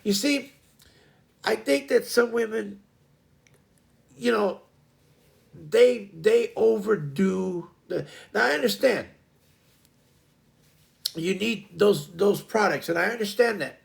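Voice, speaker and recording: A man's voice: high-pitched, takes it slowly, vocal fry, pauses often. A middle-aged man hosting a casual livestream chat, rambling and stumbling over repeated words. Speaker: livestream host.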